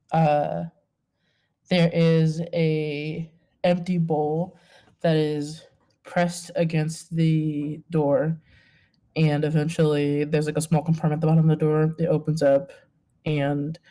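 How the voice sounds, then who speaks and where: A woman narrating a tabletop game as game master, hesitant, with many pauses and fillers. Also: deep voice, level tone, dark tone.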